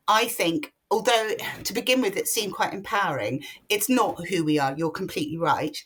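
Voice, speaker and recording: A woman in her fifties, a journalist guest on a podcast, speaking in an articulate, emphatic way. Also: fairly low pitch. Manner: articulate, emphatic, lists ideas in runs. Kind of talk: podcast interview.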